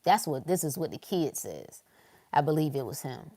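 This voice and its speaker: A woman talks to her livestream audience in a casual motivational style. Her voice sits lower than most, and she preaches with emphatic repetition, circling back to each point. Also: sing-song, moderate pace, warm tone. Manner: emphatic and preachy, repeating phrases.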